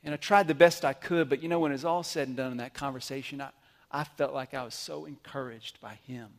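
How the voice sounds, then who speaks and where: A man preaching a sermon, animated, swinging between loud emphatic bursts and quiet asides. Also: medium pitch, a little fast. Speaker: pastor.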